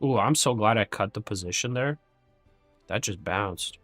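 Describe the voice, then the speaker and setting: A man talks through his trades on a live stream and thinks aloud as he works the numbers. He is candid and openly critical of his own mistakes. His voice sits fairly low and sounds dry and close, with faint music underneath. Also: moderate pace, fairly bright tone, no echo. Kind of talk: live trading commentary.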